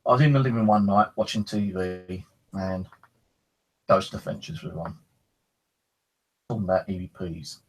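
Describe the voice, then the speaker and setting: A man with a low, husky voice casually tells a rambling, first-person story about a ghostly experience, swearing now and then. He is a paranormal storyteller with an animated manner who swears freely, and the recording is rough.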